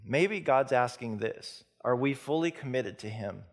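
A man preaching a sermon in an earnest way, repeating words and slowing into soft, quiet stretches. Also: medium pitch, lively intonation. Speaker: pastor.

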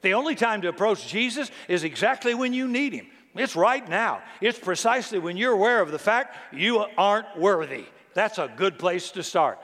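A middle-aged man preaching a sermon in an animated, conversational way with touches of humor. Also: high-pitched, moderate pace, hardly any pauses. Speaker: pastor. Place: large church hall. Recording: long hall reverb.

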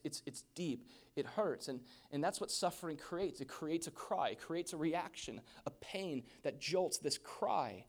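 A man preaching a sermon, swinging from hushed whispers to loud exclamations. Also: fairly high pitch.

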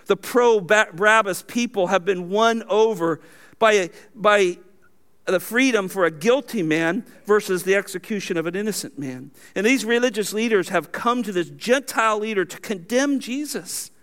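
A pastor preaching a sermon, reading scripture aloud and moving between emphatic high points and low, quiet remarks. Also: male voice, moderate pace.

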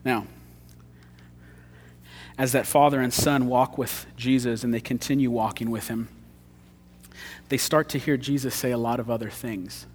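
A male pastor preaching a sermon, swinging from loud emphasis to hushed intensity. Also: medium pitch, fairly even intonation, moderate pace, pauses often, a little hiss or hum. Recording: long church hall reverb.

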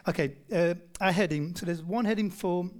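A man with a high voice speaks at a moderate pace, preaching a Bible-study sermon in a conversational way. He often puts questions to the congregation and frequently restarts his sentences.

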